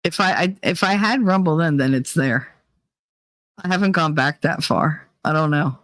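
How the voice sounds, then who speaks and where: A woman's voice: deep voice, moderate pace, fairly bright tone, no echo. A woman hosting a livestream in casual chat, blunt and rambling, swearing freely. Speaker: livestream host.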